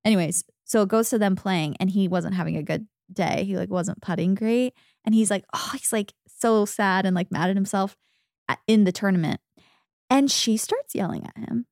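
A young woman co-hosting a casual chat podcast, telling stories with lively mimicry of the people involved. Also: normal speed, dry recording, studio quality. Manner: animated storyteller, mimics people in high voices. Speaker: podcast co-host.

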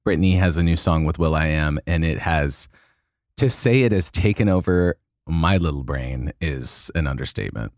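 Brief: young male co-host, campy and playful, swooping animated pitch, dry close sound. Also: normal speed, no echo. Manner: campy, playful, lots of put-on quotes. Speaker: podcast co-host. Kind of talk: casual comedic chat.

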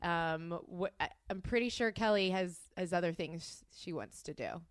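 A woman's voice: lowish voice, normal speed, clean tone, dry recording, clean studio sound. A woman hosting a casual chat, asking incredulous, teasing questions. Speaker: host.

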